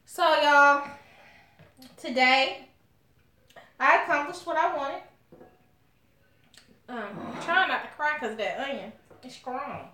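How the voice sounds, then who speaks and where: A woman's voice: high voice, slow pace, pauses often, sharp tone. A woman hosting a casual live cooking stream from her home kitchen, chatting with viewers and calling them honey and y'all. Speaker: cooking channel host. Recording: echoey room, faint noise.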